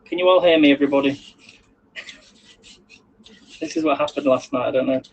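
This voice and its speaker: Chatty man, husky voice. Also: medium pitch, a little fast, poor audio. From England. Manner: chatty, rambling, addresses viewers directly. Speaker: livestream cooking host. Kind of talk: casual live cooking chat with viewers. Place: home kitchen, indoors. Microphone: phone on a selfie stick.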